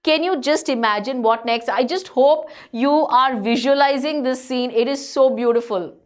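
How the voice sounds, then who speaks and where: A woman teacher with an Indian English accent who reads story lines slowly and then explains them to students in simple words. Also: sits high, animated, clean tone.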